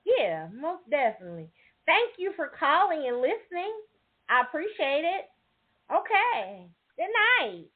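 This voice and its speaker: A woman hosting a call-in show, polite and keeping things moving. Her voice sits high and swings a lot in pitch, and it sounds tinny, like a phone line. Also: sing-song, measured pace. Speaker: show host. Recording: tinny online call audio.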